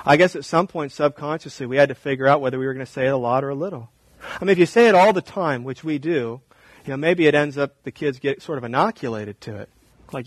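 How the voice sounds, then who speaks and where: A man in his thirties preaching a sermon, swinging from hushed, intimate talk to raised, emphatic repetition. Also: fairly high pitch, expressive, fast talker, dry recording, low-quality recording. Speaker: pastor.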